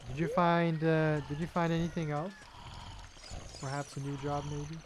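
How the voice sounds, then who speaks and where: A young man from Belgium streams a game and chats casually, his voice on the high side with a flat delivery at normal speed. He's friendly, keeps repeating his phrases, and speaks to viewers by name; game music plays behind, with a little hiss or hum.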